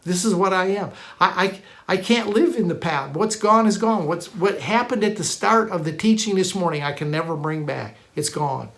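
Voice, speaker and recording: A preacher in the middle of a sermon, pressing each point home with emphatic repetition. The voice sits at a middling pitch and stumbles over restarts. It speeds through some phrases and draws others out slowly. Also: fairly bright tone. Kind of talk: sermon teaching.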